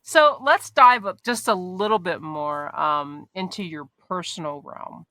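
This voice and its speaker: A woman's voice: lowish voice, measured pace, bright, forceful tone, dry recording, clean studio sound. A woman hosting an interview podcast who asks rambling questions and searches for her words. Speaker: podcast host. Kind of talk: casual interview chat.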